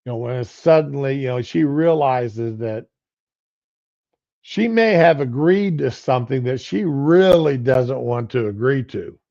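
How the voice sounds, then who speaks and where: A man's voice: medium pitch, animated, unhurried, vocal fry, warm tone. A middle-aged man giving casual political commentary on a livestream, rambling and conversational. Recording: lo-fi stream audio.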